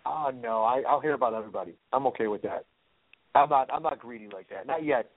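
A man's voice: medium pitch, quick pace, no echo. A man from Chicago, an actor guest in a casual podcast interview, joking playfully. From Chicago, USA. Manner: playful, jokey. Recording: tinny phone line.

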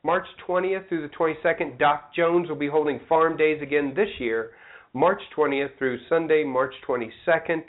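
A man co-hosting a radio show, reading local news items briskly and teasing his co-host in casual chat. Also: on the high side. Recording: tinny phone-like broadcast audio.

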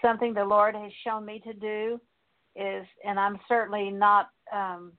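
Woman minister, mid-pitched, paced repentance prayer; thin phone-quality sound. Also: flat delivery. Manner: slow, repetitive confessional prayer with pauses. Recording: tinny phone-like audio.

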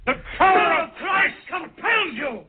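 A fierce priest bellows his exorcism in a strained, sky-high voice. Each word is dragged out slowly. The sound is thin and phone-like, with clicks behind it. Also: expressive. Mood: commanding. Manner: booming dramatic shout. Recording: phone-quality line with clicking noise.

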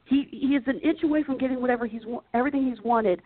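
A woman guesting on a podcast in casual chat, retelling a story in an animated way. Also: high voice, fast. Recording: dry, tinny phone-like line.

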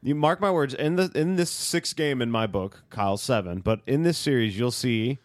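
A man co-hosting a podcast in casual chat, relaxed and chatty. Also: mid-range voice, moderate pace, no room sound, clean studio sound. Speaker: podcast co-host.

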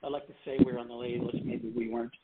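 A man's voice: medium pitch, fast talker, heavy background noise. A middle-aged man from Canada, a former child pop singer, telling stories in a casual interview with lots of laughter. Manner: animated, laughing storyteller. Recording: phone-like line.

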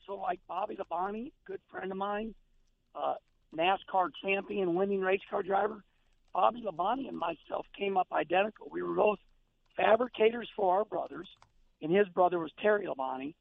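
Gravelly, high-pitched man on a phone line. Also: normal speed. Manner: emphatic, repeats words and restarts, folksy. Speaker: guest, former race car driver. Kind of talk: casual radio chat.

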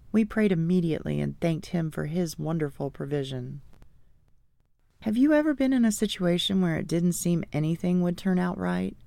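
A woman's voice: lowish voice, creaky, dark tone, no echo. A woman reading her own memoir audiobook, telling an earnest, faith-filled story.

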